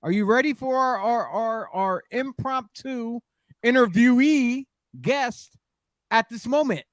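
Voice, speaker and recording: High-voiced man hyping guests, dry close mic. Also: takes it slowly, no echo. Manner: rambling with fillers, hypes guests like a ring announcer. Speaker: podcast host. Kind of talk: casual wrestling podcast chat.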